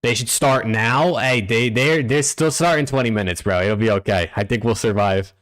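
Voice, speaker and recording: Speaking at normal speed, a young US man with a medium-pitched, fairly bright voice hosts a live-stream watch party from home using a desk mic. He chats casually and profanely in a laid-back manner, talking to chat and reading off usernames.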